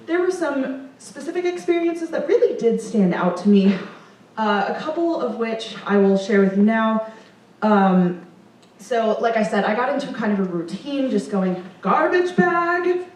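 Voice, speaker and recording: A woman's voice: mid-range voice, a little mellow. Young woman telling a funny story, lots of likes and ums, super echoey far-off room. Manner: chatty, filler-heavy, self-amused. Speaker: improv performer. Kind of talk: comic storytelling monologue. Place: performance room.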